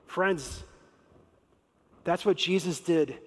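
Man, pastor, sermon, high pitch, lively casual storytelling, reverberant church hall. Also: drawn-out words, slightly rough. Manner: animated storytelling with casual slang.

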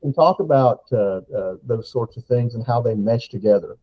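A man, a veterinarian, speaking as a podcast guest in a halting way, repeating words as he tells stories. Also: mid-range voice, animated, husky, no room sound, dull audio. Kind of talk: casual podcast interview.

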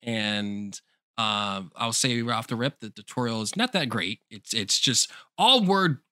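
A man co-hosting a podcast in casual chat, animated, laughing often and swearing freely. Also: medium pitch, unhurried, dry recording, clean studio sound. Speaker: podcast co-host.

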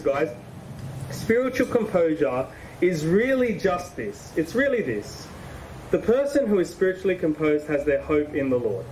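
A man's voice: fairly high pitch, a little mellow, recorded from a distance, a little hiss or hum, rough recording. A man preaching a sermon in a conversational, emphatic way, repeating phrases for stress.

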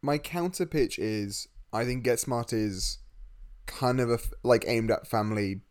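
A man's voice: medium pitch, measured pace, a little mellow, clear, resonant tone. Wry man in casual podcast chat. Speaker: podcast co-host. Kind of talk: casual movie recap chat.

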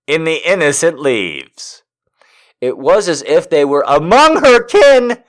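A man's voice: mid-range voice, a bit bright. A man reading erotic poems aloud for comedy, breaking off to laugh and make incredulous asides. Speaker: comedic reader.

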